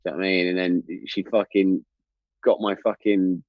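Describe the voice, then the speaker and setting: An army veteran telling rowdy barracks stories in casual chat, swearing and laughing. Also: male voice, sits low, flat delivery, a little fast, dry recording, lo-fi sound.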